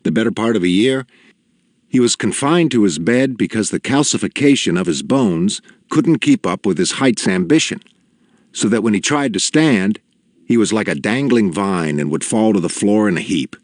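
A man narrating an audiobook in a measured, deliberate storytelling manner with quiet gravity. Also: on the low side, lively intonation, dry recording, studio quality. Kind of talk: scripted narration.

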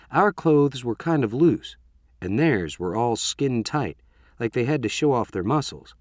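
A man's voice: medium pitch, a little mellow, no room sound, clean studio sound. A man narrating a first-person story in a wry, conversational way.

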